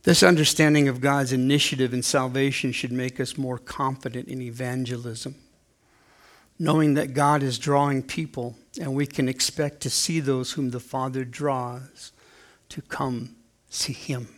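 A man's voice: mid-range voice, fairly even intonation, a little slow. A man in his sixties preaching a sermon in a conversational way, acting out the quotes in playful voices. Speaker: pastor.

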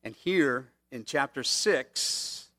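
A man's voice: medium pitch, lively intonation, slow pace, pushed and bright. A man preaching a sermon in a conversational way, often checking in with "okay?" asides. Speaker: pastor.

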